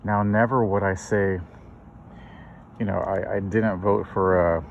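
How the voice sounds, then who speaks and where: A man's voice: low-pitched, steady tone, a little slow, creaky. A middle-aged man hosting his own channel, giving a political opinion monologue with many fillers and restarts. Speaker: channel host. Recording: dull lo-fi recording with faint noise.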